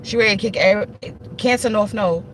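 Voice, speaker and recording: This livestream host rushes through casual spiritual talk, addressing viewers directly and driving her points home again and again. She speaks at a medium pitch, and there's a little hiss or hum in the audio.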